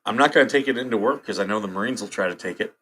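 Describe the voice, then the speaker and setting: A man's voice: on the low side, racing, a bit bright, breathy edge. A man hosting a casual livestream, chatting with viewers, reading headlines aloud and reacting with frequent laughs. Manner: chatty, laughs often, reacts to chat and news. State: hiccups. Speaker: livestream host.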